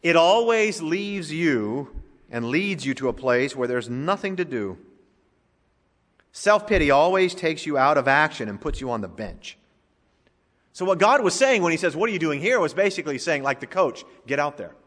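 Pastor, male, fairly high voice, lively emphatic preaching, reverberant church sanctuary. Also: normal speed. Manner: preacherly, swings from soft asides to loud emphatic lines. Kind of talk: sermon.

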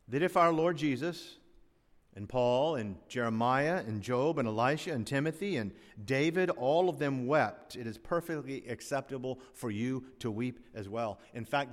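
An older male pastor delivers a sermon with dramatic swells and sudden quiet drops, dropping in dry folksy jokes. His medium-pitched voice rings out in a church sanctuary with a long, lingering reverb. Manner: swells loud on key phrases, then drops to a hush; folksy asides and dry humor. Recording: long reverb of a large hall.

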